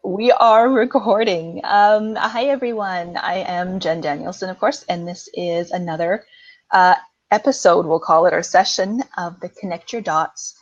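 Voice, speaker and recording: A woman's voice: fairly low pitch, measured pace, highs cut off. A woman hosting a casual interview show over a video call, friendly and loose, laughing easily. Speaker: podcast host.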